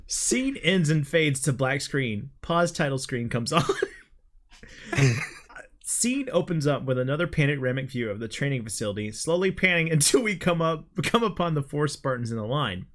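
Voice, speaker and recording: Young man, podcast host, reads stage directions, amused, animated. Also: on the high side, a little slow. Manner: lively, amused, self-mocking. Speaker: podcast host reading his script. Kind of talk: reading stage directions aloud.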